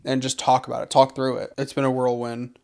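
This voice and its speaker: A man's voice: medium pitch, monotone, brisk, creaky, darkish tone. A young man co-hosting a podcast, talking earnestly and reflectively about faith in a casual conversation. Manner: earnest, reflective, repeats phrases for emphasis. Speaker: podcast co-host.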